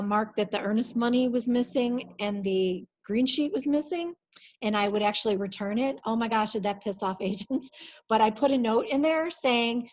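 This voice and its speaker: A woman working as a compliance coordinator, walking colleagues through software in a practical, lightly chatty way. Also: medium pitch, highs cut off. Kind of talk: software training over video call.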